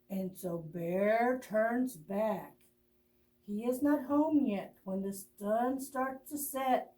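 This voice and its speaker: Slow, expressive woman reading to children. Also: on the high side, far from the mic. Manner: slow, expressive storytelling with gasps and asides to children. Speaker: children's librarian. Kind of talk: picture-book read-aloud for children. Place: library storytime video.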